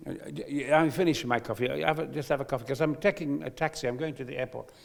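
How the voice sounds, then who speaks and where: An older man, a guest actor, telling a long anecdote on stage at a live event with exuberant, theatrical flair and sudden booming outbursts. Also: fast, creaky.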